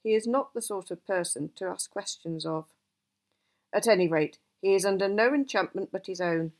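A woman voicing an old male wizard who is gruff and easily cross, talking emphatically in a storybook reading. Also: medium pitch, normal speed, lightly acted. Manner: emphatic, exasperated outbursts.

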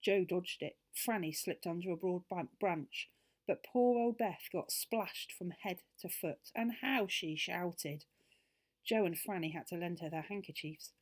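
A woman reads a children's book aloud, gentle and expressive as she carries the story along. Her voice sits a little low for a woman. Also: a little slow.

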